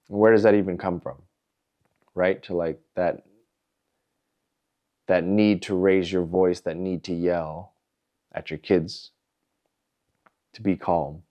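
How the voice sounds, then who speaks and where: A man hosting a podcast, telling a personal story in a candid, introspective way, in short halting phrases. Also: deep voice, flat delivery, dark tone. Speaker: podcast host.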